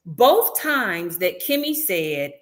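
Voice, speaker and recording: A woman's voice: fairly low pitch, sing-song, takes it slowly, fairly bright tone. A woman guest in a casual interview, telling a story with animation and acting out what others said. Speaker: reality show cast member guest. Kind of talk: casual interview, recounting events.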